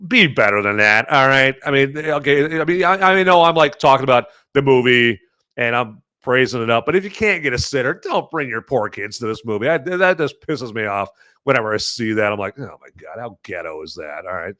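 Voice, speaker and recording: A man hosting a podcast, talking casually to the camera in a rambling way, full of fillers and self-corrections, swinging between loud emphasis and muttered asides. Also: mid-range voice, lively intonation, brisk, clean tone, no echo, studio quality. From American Midwest. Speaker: podcast host reviewing movies and beer. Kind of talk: casual solo commentary.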